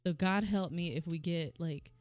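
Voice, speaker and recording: Soft-spoken woman streamer, chatty. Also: fairly low pitch, moderate pace, no room sound, soft background music. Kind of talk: casual stream chat. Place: home streaming setup. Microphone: desk microphone.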